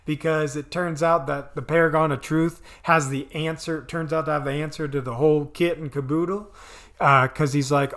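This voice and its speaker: A man recapping a TV episode in loose, casual chat. He rambles and restarts with plenty of fillers, his voice bright and forceful. He sits a little high for a man. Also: fairly even intonation, normal speed. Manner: rambling, filler-heavy, enthusiastic. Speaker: video reviewer.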